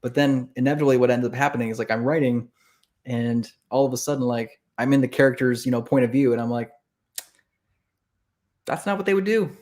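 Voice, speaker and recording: Male author guest, casual chat, animated storyteller, mid-range voice. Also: mid-range voice, fast. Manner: animated storyteller, acts out quoted reactions.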